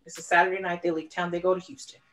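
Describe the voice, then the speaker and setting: A woman with a fairly low voice, co-hosting a casual true-crime podcast. She retells events in an animated, storytelling way, acting out the people in the story as she goes. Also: very fast. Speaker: podcast co-host.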